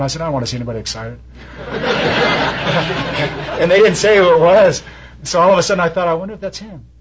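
A man's voice: fairly high pitch, husky. A man preaching a sermon as pastor, telling a story from his congregation with feeling and acting out the people in it. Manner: storytelling preacher, quotes people in raised voices. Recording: dull lo-fi recording.

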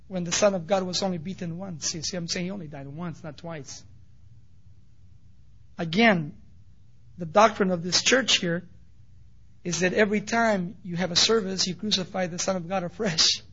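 A man preaching a sermon in an animated storytelling way with casual asides. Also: sits high, unhurried, pauses often, slightly rough. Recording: dull lo-fi recording.

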